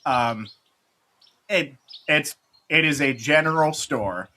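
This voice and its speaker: A man running a tabletop game as dungeon master over voice chat, laughing often and halting with restarts. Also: fairly high pitch, sharp tone. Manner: laughing, halting, self-mocking.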